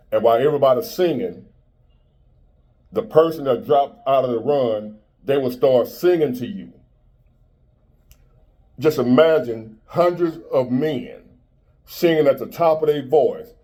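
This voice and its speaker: A man's voice: mid-range voice, darkish tone. A man in his fifties giving a blunt, preachy motivational monologue in street-style talk. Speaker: motivational speaker.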